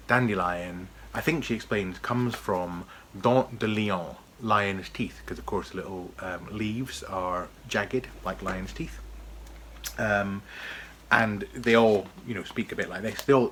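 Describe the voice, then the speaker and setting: Man, low voice, chatty, enthusiastic, casual book review, faint ambience. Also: a bit bright, slight background noise.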